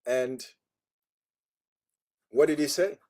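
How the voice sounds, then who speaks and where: A man giving an online religious class, talking through a story at a relaxed, conversational pace. He keeps checking in with his listeners with little asides, his pitch sitting in an ordinary middle range. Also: very slow. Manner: conversational, frequent "you know" asides. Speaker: spiritual teacher.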